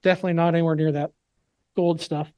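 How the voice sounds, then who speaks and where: Male preacher, high voice, earnest emphatic delivery, dry close sound. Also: level tone, clear, resonant tone, no echo, lo-fi sound. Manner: earnest, emphatic preaching with slow scripture reading. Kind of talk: sermon.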